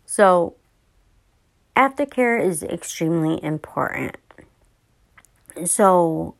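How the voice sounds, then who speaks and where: A woman hosting her own podcast, speaking slowly and casually with lots of fillers. Her voice is low and gravelly. The sound is close and dry. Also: no room sound. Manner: unhurried, with fillers and self-corrections. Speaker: podcast host.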